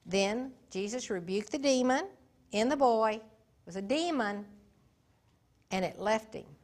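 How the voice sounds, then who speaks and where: A woman giving an informal Bible teaching in a folksy, emphatic way, swinging between soft and loud. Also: fairly high pitch, expressive, unhurried.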